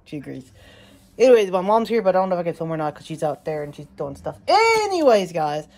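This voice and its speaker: A woman vlogging casually at home, rambling excitedly and chatting to her pets. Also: fairly low pitch, fast talker. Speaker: daily vlogger. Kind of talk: casual rambling vlog chat. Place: at home, yard and indoors.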